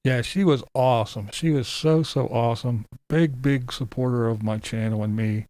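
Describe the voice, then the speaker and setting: A man's voice: medium pitch, normal speed, darkish tone, no room sound. A man hosting a casual livestream, greeting viewers by name and chatting loosely. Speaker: livestream host.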